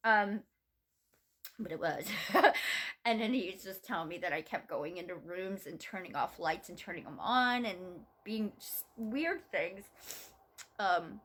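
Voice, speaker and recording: A middle-aged woman vlogging from home, telling a personal story in a halting, rambling way with many restarts. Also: lowish voice, expressive, a bit bright.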